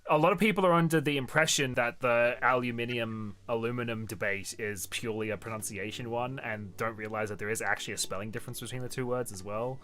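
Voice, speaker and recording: A man's voice: medium pitch, steady tone, quick pace, few pauses, bright, forceful tone. A man with an Australian accent, chatting casually and laughing as he streams a game. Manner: laughing, chatty, doing mock voices. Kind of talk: casual chat while gaming.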